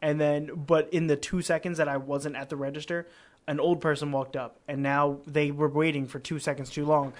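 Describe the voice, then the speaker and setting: Lively young man telling work stories. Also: on the high side, moderate pace. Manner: animated storyteller, acts out customers. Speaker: podcast host. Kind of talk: casual chat.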